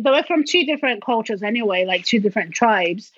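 A woman who grew up in Nigeria talks casually as a podcast guest, her accent leaning British. She tells stories with animated bursts and acts out quoted voices. The sound is dry, close and slightly muffled. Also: on the high side, fast, hardly any pauses, no room sound. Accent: British English with a Nigerian background. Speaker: interview guest. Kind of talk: casual conversational interview.

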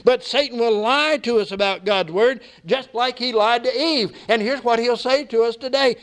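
A man's voice: very high-pitched, normal speed, hardly any pauses, fairly bright tone. An older male pastor preaching a sermon, with emphatic rising questions and folksy asides.

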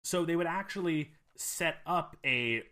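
A man's voice: fairly high pitch, a little slow, pushed and bright. A man co-hosting a podcast, talking casually in a rambling, hesitant way with lots of fillers and restarts. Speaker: podcast co-host.

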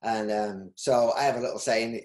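In a casual interview with a roomy echo, a middle-aged business owner with a Yorkshire accent rambles, frequently restarting and filling gaps with ums. His mid-range voice is a little mellow, with fairly even intonation at a normal speed.

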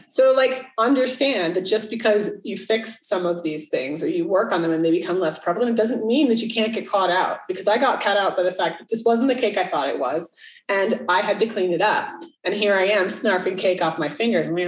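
A woman's voice: medium pitch, lively intonation, a little fast. A middle-aged woman co-hosting a podcast, chatting candidly and swearing freely. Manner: candid, swears freely, acts out quoted voices. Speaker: podcast co-host. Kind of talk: casual podcast chat. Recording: roomy, slightly distant mic.

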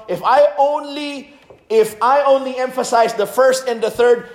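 A man's voice: very high-pitched, animated, takes it slowly, roomy sound, background noise. A man preaching a sermon on music, stressing his points and singing short hymn lines to show rhythm. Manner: emphatic, sings hymn lines to demonstrate rhythm.

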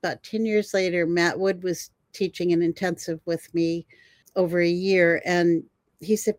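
An older woman telling her stories with animated, expressive energy, often breaking into laughter. Her voice sits on the lower side and sounds dry and close to the mic, with hardly any room sound. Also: moderate pace, dry recording. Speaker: herbalist guest. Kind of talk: storytelling in a conversation.

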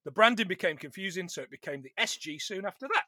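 A man's voice: high-pitched, lively intonation, fast talker, pushed and bright, dry recording, studio quality. A man, co-hosting a casual film podcast, swearing and laughing often. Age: 40s. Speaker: podcast co-host.

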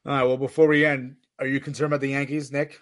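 A man's voice: medium pitch, little pitch movement, quick pace, dry recording. A New man co-hosting a podcast in casual sports banter, jokey and laughing often as he steers the talk. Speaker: podcast co-host.

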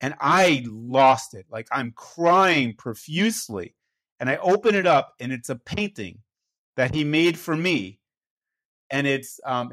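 A man's voice: medium pitch, a bit bright. A man, a pastor, telling a personal story in a conversational, self-deprecating way, often checking in with his listener.

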